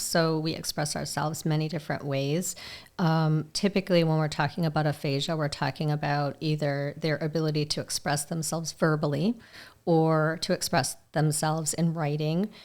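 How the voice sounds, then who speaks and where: A speech pathologist walks through her points methodically as a podcast guest. Her voice is low for a woman. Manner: methodical, explanatory, with fillers. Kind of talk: explaining in a podcast interview.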